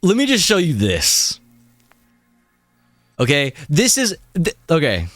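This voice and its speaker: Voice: mid-range voice, wildly swooping pitch, takes it slowly, fairly bright tone, dry recording, faint music behind. A young adult streamer in a casual live-stream rant, heated and profane, breaking into laughs.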